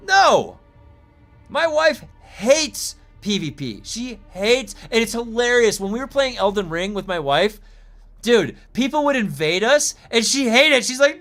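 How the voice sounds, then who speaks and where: Male streamer, casual live chat, lively swooping voice, profane, faint background music. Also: moderate pace. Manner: animated, acts out quotes in a high voice; profane, laughs often.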